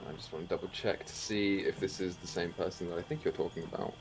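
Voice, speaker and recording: A man narrating as dungeon master, relaxed and hesitant, with fillers between lines. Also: sits low, fast, over music. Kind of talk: narrating a tabletop game.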